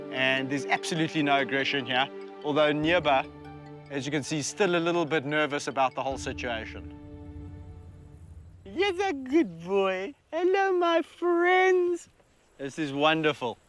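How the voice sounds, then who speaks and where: A South African man, a lion sanctuary keeper, giving relaxed, chatty commentary on location and speaking fondly of his animals. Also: medium pitch.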